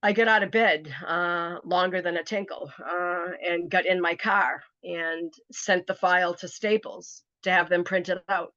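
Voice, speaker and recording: A woman tells her story in a relaxed interview voice, acting out the other people in it and jumping high in pitch for their lines. The recording is dry and a little dull. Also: unhurried, few pauses, no echo. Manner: animated, acts out quoted voices. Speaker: author telling her story.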